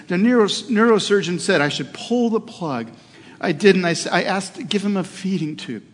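Middle-aged male pastor, slightly high voice, earnest sermon storytelling, long hall reverb. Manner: earnest storytelling with hesitations and restarts.

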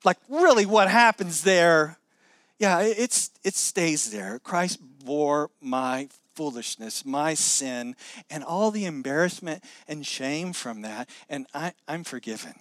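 A middle-aged man preaching a sermon, animated, acting out quoted voices with many restarts. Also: a little high, takes it slowly, no room sound. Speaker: pastor.

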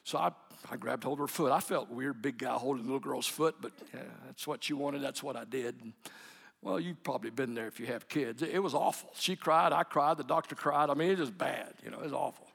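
A man's voice: medium pitch, a little fast, creaky, breathy edge. A middle-aged man telling stories in a sermon, with chuckles and sudden drops to near whispers. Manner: warm anecdotes with chuckles, dropping to near whispers. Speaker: preacher. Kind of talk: sermon storytelling. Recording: echoey hall.

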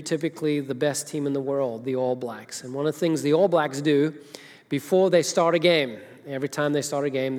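Speaking in a mid-range, darkish voice, a middle-aged Zimbabwean senior minister preaches a chatty sermon built on stories, with filler hesitations throughout. The large church hall gives everything a long, echoing reverb.

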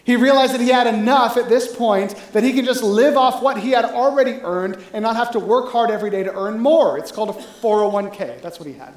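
A pastor preaching a sermon in a relaxed, conversational way, often checking in with the listeners. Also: medium pitch, brisk, hardly any pauses, roomy sound, rough recording.

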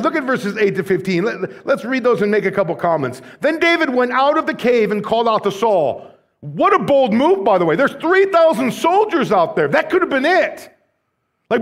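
A male pastor delivering a sermon in a notably high voice. His pitch rises and falls with lively movement as he mixes casual asides with rhetorical questions. When he reads scripture, the delivery rises in intensity. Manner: conversational asides and light humor.

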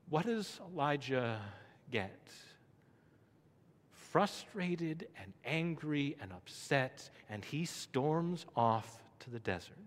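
Pastor, male, high voice, measured unhurried delivery, swells and drops, church hall echo. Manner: rising to emphatic peaks then dropping low and soft; rhetorical questions to the congregation. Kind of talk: sermon. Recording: long reverb of a large hall.

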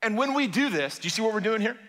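Male pastor telling a story mid-sermon, bright forceful voice, big echoey church sound. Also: high voice, fast. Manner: animated storyteller, conversational and direct with the congregation. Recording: long hall reverb.

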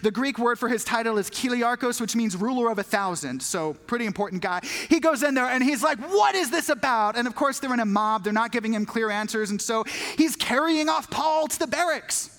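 A woman preaching a sermon in a large church hall, telling the story in an animated, joking way and acting out voices. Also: fairly high pitch, brisk, few pauses. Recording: long hall reverb.

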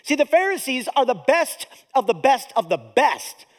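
A man preaching a sermon as pastor, in a lively, conversational way that mixes jokes and acted-out voices into his teaching. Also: very high-pitched, normal speed.

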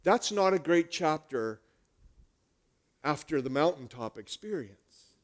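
A male pastor delivers a sermon as animated storytelling. His voice sits a little high, and he drops to near-whispers and then climbs back to loud, urgent passages. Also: takes it slowly.

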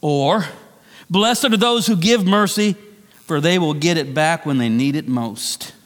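A middle-aged man preaching a sermon as pastor, conversational and animated, with self-deprecating asides. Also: a little high, unhurried, in a large hall. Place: church sanctuary.

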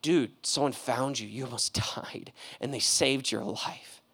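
A man voicing an innkeeper who quietly and casually tells a patient what happened, in offhand slang. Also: fairly low pitch, moderate pace, gravelly, voice pushed down.

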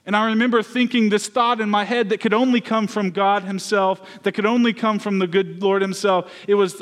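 A man's voice: sits high, flat delivery, a little fast, few pauses. A man preaching a sermon as pastor, earnest and personal, telling his own story.

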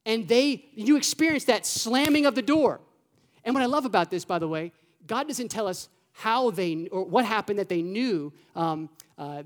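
A pastor preaching a sermon to a church congregation in a lively, conversational way, with rhetorical questions, casual fillers and quick asides. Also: medium pitch. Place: church sanctuary.

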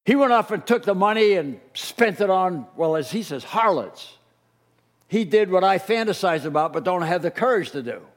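A middle-aged man preaching a sermon as a pastor, telling the story in an animated way and acting out the voices he quotes. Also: high voice, moderate pace. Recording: long reverb of a large hall.

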